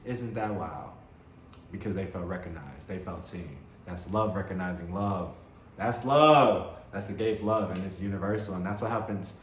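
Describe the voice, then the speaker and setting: A man's voice: sits low, moderate pace. A man hosting a spiritual self-help talk, speaking with enthusiasm, repeating words and laughing often. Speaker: host. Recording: roomy echo with faint background noise.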